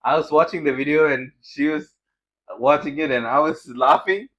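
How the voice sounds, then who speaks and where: A man's voice: a little high, normal speed, fairly bright tone, highs cut off. A man co-hosting a podcast, chatting casually, teasing his friend and swearing often. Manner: crude, teasing, swears a lot. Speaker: podcast co-host. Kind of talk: casual chat.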